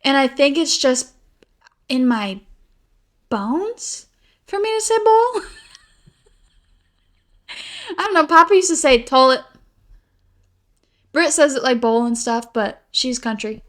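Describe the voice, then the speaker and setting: A young woman with a fairly high voice co-hosts a podcast. She chats in a loose, rambling way and giggles often, with "like" in nearly every sentence. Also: lively intonation, slow pace, pauses often. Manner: rambling, giggly, heavy use of "like". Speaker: podcast co-host. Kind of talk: casual chat.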